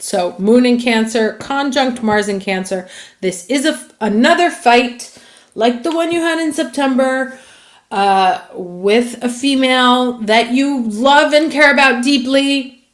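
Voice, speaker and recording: A woman astrologer giving a chatty, casual monthly horoscope reading that runs through dates. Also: fairly high pitch.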